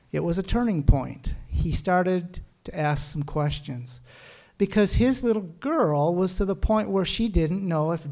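A middle-aged man with a slightly high voice, teaching couples in a sermon-like way. He tells stories in a lively, chuckling manner and throws in punchy asides. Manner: storytelling with quick laughs, punchy asides. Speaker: Christian marriage teacher.

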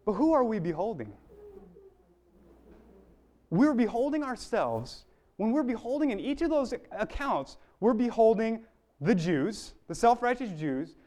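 Earnest high-voiced man preaching. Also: big pitch swings, a little slow, long pauses, dark tone. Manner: earnest, rising in fervor, with fillers and restarts. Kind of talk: sermon.

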